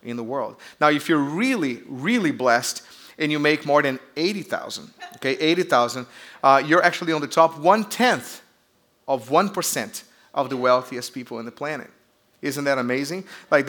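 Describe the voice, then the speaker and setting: A man's voice: fairly high pitch, normal speed, a bit bright. A man from Brazil with a Brazilian accent, preaching a sermon as pastor in a chatty, joking storytelling way with call-outs to the audience.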